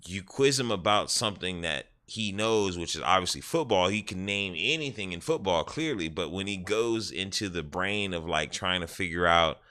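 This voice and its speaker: Man, gaming streamer, very deep voice, forceful edge, rambling, swears a lot, laughs often. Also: expressive, normal speed, few pauses. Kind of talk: casual livestream chat.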